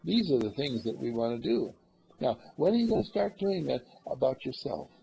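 A man with a mellow, gravelly voice gives an earnest spiritual talk to a group. He rambles and fills his pauses with uhs and ums. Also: slight background noise, rough recording. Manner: acts out callers in lively higher voices; rambling, earnest, with many fillers. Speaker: spiritual teacher.

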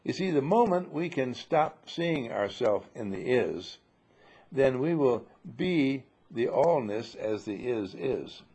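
A man giving an unhurried, reflective spiritual talk as a teacher, posing rhetorical questions to his listeners. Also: mid-range voice, lively intonation, mellow, slightly rough.

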